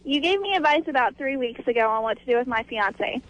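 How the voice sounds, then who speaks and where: A woman's voice: high-pitched, lively intonation, brisk, muffled recording. A woman calling in to a radio show, speaking plainly and matter-of-factly. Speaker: caller. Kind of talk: phone call to a radio show.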